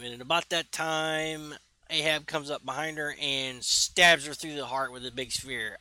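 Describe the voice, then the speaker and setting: A man on a remote call, chatting casually about a comic book in a relaxed way. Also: fairly high pitch, normal speed. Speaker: podcast co-host.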